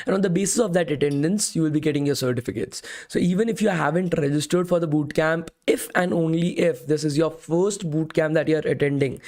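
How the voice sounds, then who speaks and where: A man's voice: fairly high pitch, a little mellow. A young man from India with an Indian English accent, leading a live coding bootcamp class with a voice strained from talking all day, chatty and often saying "okay" and "guys". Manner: chatty, repeats "okay" and "guys", reads chat questions aloud.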